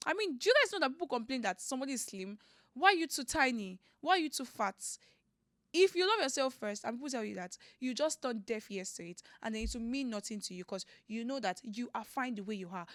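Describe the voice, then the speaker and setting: A woman's voice: fairly high pitch, a bit bright, no echo, clean studio sound. A woman hosting a casual chat, talking in an encouraging, emphatic way. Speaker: host.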